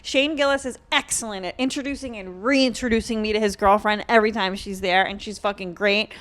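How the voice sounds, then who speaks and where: A woman's voice: mid-range voice, steady tone, fairly quick, fairly bright tone. A woman podcast host in casual chat, blunt and laughing often, swearing freely.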